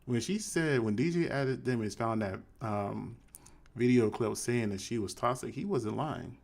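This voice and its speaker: Male host, casual commentary, reads quotes in a flat low tone. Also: measured pace, creaky. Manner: conversational, shifts to flat low reading voice for quoted texts. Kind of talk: live commentary reading text messages aloud.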